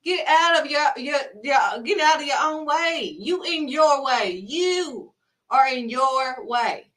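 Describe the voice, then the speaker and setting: A woman's voice: high voice, lively intonation, slow, fairly bright tone. A woman giving a blunt, emphatic faith talk to camera, scolding and repeating herself for emphasis. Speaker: faith vlogger. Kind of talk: preachy direct-to-camera talk. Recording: voice somewhat distant from mic.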